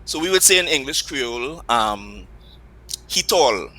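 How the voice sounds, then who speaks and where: A man with a Trinidadian accent, his voice very bright and forward at a middling pitch. He talks as a language teacher in an interview, walking through examples with patient care. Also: expressive, normal speed, low-quality recording. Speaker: Patois teacher. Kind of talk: explanatory interview talk.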